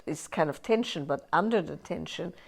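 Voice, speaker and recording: A woman's voice: low voice, expressive, normal speed, vocal fry. A woman teaching a live workshop in a conversational way, often checking in with "right?" and acting out inner voices in quoted asides. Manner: conversational, keeps asking "right?".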